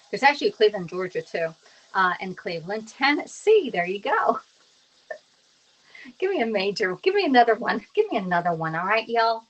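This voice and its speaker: A woman in her thirties from Pennsylvania chatting casually with viewers while cooking on a live stream, laughing often and greeting people by name. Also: mid-range voice. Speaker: cooking live-streamer and kitchen tools consultant.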